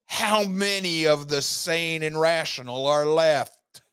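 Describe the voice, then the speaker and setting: A man's voice: medium pitch, a bit bright, no echo, clean studio sound. A man hosting a podcast, delivering an angry, sarcastic political rant with heavy emphasis. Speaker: podcast host.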